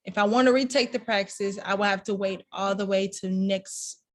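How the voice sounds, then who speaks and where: A young woman student, asking questions in an anxious, rushed way. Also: mid-range voice, steady tone. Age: young adult. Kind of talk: classroom question.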